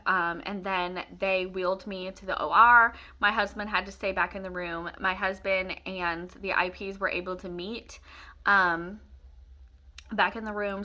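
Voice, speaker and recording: A woman's voice: medium pitch, pushed and bright. A young woman casually telling her own story to the camera, emotional and rambling, with many fillers and restarts.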